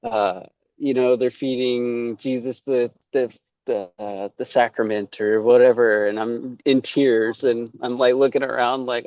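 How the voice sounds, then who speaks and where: A man's voice: mid-range voice, steady tone, unhurried, dry recording, dull audio. A man talking casually as a podcast guest, rambling, with many fillers and quoted asides. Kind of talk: casual conversation.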